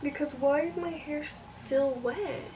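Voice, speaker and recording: A young woman with a high voice chats through a hair-styling vlog at home. She sounds self-doubting and thinks aloud as she works, sometimes sinking to a soft whisper. The mic sits well back from her, and there is clear noise behind her voice. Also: unhurried, recorded from a distance. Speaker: vlogger. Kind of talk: casual hair tutorial vlog.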